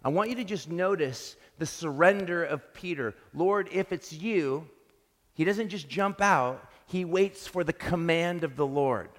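A man's voice: a little high, expressive, normal speed, hardly any pauses. A man preaching a sermon as pastor, earnest and reflective, often restarting his sentences. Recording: long reverb of a large hall.

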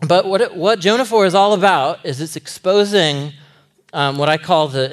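A man preaching a sermon in a loose, conversational way, animated and laughing often, with fillers. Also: fairly high pitch.

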